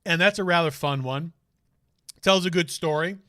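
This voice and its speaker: A man's voice: fairly high pitch, normal speed, pushed and bright, dry recording, studio quality. A man streaming a game, chatting casually and rambling with jokey asides. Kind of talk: casual let's-play commentary.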